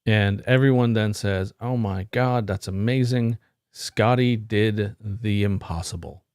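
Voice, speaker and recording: A man's voice: mid-range voice, gravelly, a little mellow, no room sound, clean studio sound. A man vlogging about his IT career, telling a wry, rambling story to the camera in a casual, explaining way.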